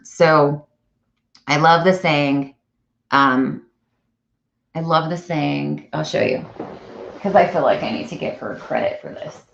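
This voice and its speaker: Chatty woman live-streaming, low-pitched, dull lo-fi audio. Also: takes it slowly, vocal fry, long pauses, slight background noise. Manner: chatty, animated, self-correcting. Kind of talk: casual live-stream chat.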